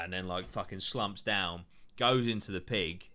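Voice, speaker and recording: A man's voice: sits low, fairly even intonation, moderate pace, hardly any pauses, pushed and bright, clean tone. A man hosting a podcast in casual, rambling chat, full of swearing and fillers. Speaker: podcast host.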